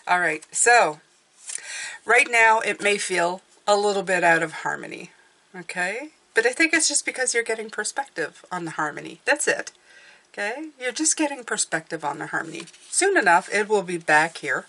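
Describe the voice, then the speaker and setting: A woman's voice: mid-range voice, expressive, moderate pace, sharp tone. A woman giving a casual tarot reading to her viewers, encouraging and often checking in with "okay?". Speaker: tarot reader.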